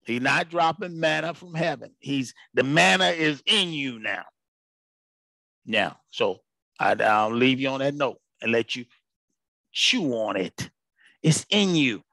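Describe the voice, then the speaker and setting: A man's voice: medium pitch, expressive, slow pace, creaky, sharp tone, dry recording. A man preaching an informal sermon broadcast, colloquial and emphatic, repeating his phrases for weight.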